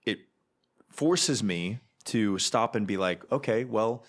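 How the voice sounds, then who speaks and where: A pastor with a very deep voice, talking in a relaxed faith podcast. He thinks out loud in a reflective way. He fills his co-host's pauses with soft murmurs of agreement. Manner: reflective, frequent affirming murmurs. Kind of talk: casual faith conversation.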